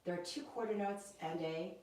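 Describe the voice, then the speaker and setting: A woman's voice: fairly low pitch, moderate pace, darkish tone, very echoey, distant mic, a little hiss or hum, poor audio. A woman piano teacher giving a one-on-one lesson, patiently explaining step by step and checking that her student understands. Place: indoor room with a piano.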